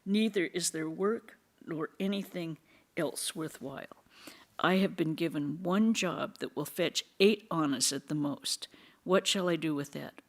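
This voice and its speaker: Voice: medium pitch, close to an everyday voice. A reader voicing a weary, fed-up monk who complains about his work, partly in a half-whisper.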